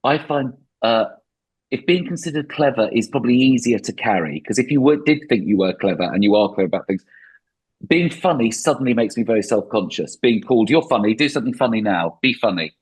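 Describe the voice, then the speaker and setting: A middle-aged man talks as a podcast guest, rambling and mocking himself. His voice is slightly husky. His pitch swings widely as he goes. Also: brisk, poor audio. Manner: rambling, self-deprecating, animated. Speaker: comedian guest. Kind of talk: podcast interview.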